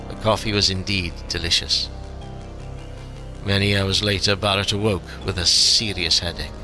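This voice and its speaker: Male audiobook narrator, steady delivery, low bright voice. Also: normal speed. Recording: soft music underneath.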